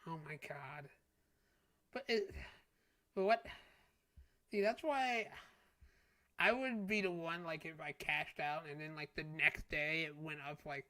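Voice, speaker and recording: A man's voice: a little high, bright, forceful tone. A man co-hosting a casual podcast chat, teasing his friend and laughing often. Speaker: podcast co-host.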